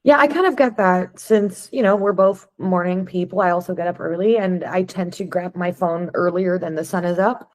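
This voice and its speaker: Woman podcast host, somewhat low pitch, curious, thoughtful questions, casual, restarts sentences. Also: normal speed, hardly any pauses. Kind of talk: casual conversational interview.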